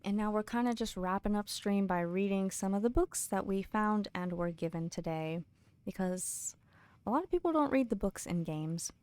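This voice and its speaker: A British woman streaming a game live, chatting casually with viewers and reading in-game books aloud, laughing often and dropping into soft mutters. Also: mid-range voice, moderate pace, clean tone, dry recording.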